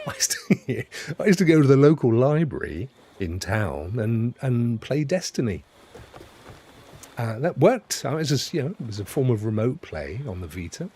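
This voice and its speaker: A man's voice: medium pitch, huge pitch swings, normal speed, warm tone, slight background noise. A middle-aged man hosting a game stream, chatting and rambling as he plays. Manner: chatty, rambling, self-correcting. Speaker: gaming streamer host. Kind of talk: casual gameplay commentary.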